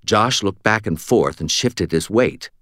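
A man reading a first-person story for an audiobook in a measured, expressive way, close to the mic. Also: on the low side, dry recording. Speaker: audiobook narrator.

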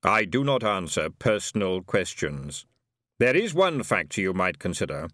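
Man voicing a measured computer, even, precise, kindly, dry close sound. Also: sits low, no echo.

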